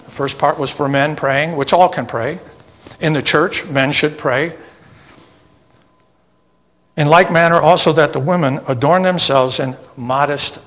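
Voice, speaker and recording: A man preaching a sermon, reading old scripture verses slowly and then explaining them in plain asides that end with "okay?". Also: mid-range voice, a bit bright. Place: church sanctuary. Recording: long church reverb.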